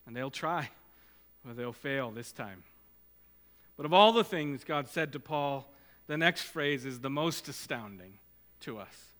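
A man's voice: medium pitch, lively intonation, unhurried, pauses often, fairly bright tone. A man preaching a sermon as pastor, urging his listeners on with earnest, repeated exhortations. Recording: long hall reverb.

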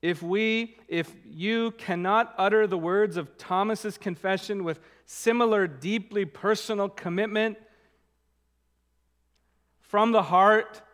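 A man preaching a sermon as a pastor, earnest, slowing down to stress key words. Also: high-pitched, a bit bright.

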